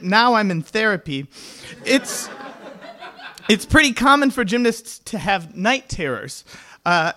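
High-voiced male stand-up comic. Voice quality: tenor voice. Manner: deadpan storytelling with quoted voices, laughs at own jokes. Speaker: stand-up comedian. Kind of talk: stand-up comedy set.

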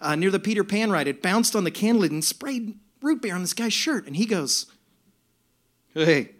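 A man's voice: sits high, expressive, brisk. A man telling a comic story on a live stage, sardonic, with bursts of mock outrage. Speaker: storyteller performer. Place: stage before a laughing audience.

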